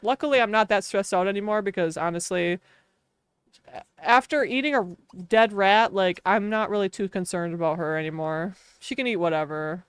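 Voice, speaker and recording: Smooth-voiced woman chatting on stream. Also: mid-range voice, moderate pace, no echo. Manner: rambling, self-mocking storytelling. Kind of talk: casual chat while streaming a life-sim game.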